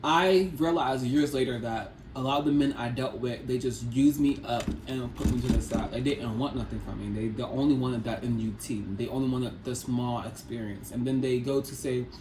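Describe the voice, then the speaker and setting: Twenties male vlogger, mid-pitched, rambling confessional storyteller, recorded in a reverberant room. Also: normal speed, few pauses. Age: 20s. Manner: rambling, repeats phrases, filler-heavy. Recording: echoey room, faint background noise.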